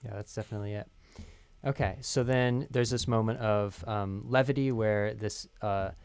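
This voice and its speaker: A man's voice: fairly low pitch, steady tone, moderate pace, a little mellow, clean tone, dry recording. A man directing a voice recording session, patiently explaining lines and pronunciations with many fillers. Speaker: writer and voice director. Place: recording studio.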